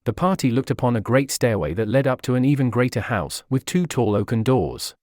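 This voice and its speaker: A man narrates a fantasy tale in a steady, measured reading voice. His pitch sits in the middle, and the recording is dry and close. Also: no room sound. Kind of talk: storybook narration.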